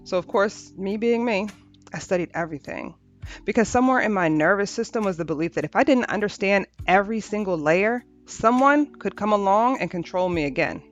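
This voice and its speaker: A woman hosting a podcast, talking through a reflective spiritual monologue in a gentle, unhurried way, repeating phrases for rhythm. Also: on the low side. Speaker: podcast host. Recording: dull lo-fi audio with faint music.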